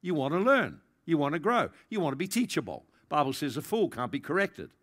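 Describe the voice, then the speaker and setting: A man preaching a sermon, acting out the people he describes and swinging between loud and soft. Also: brisk. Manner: animated, acts out quoted voices, big swings in pitch and loudness. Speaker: pastor.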